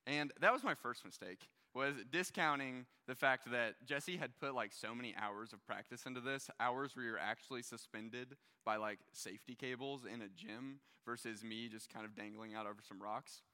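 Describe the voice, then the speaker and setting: A young man in his twenties telling a story in a casual, animated way during a sermon to a young adult crowd. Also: mid-range voice, normal speed, few pauses, smooth. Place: large hall with a stage. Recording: long hall reverb.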